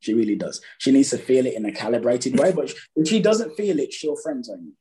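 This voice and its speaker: Male dating coach, husky and mellow tone, emphatic, acts out his examples. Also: mid-range voice, expressive, a little fast, rough recording. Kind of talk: casual advice chat.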